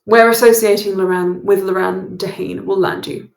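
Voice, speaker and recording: A woman's voice: mid-range voice, fairly even intonation, normal speed, vocal fry, close to an everyday voice. A woman voicing a curt, scornful young man who talks down to everyone. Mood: cold. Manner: dismissive and sharp-tongued. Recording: echoey room.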